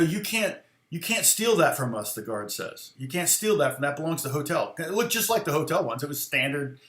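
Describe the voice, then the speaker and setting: A man's voice: on the high side, fairly bright tone. Rambling middle-aged man in an echoey room. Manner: rambling, with many fillers, restarts and chuckles. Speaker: guitar teacher streaming live. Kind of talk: casual storytelling. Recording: roomy echo.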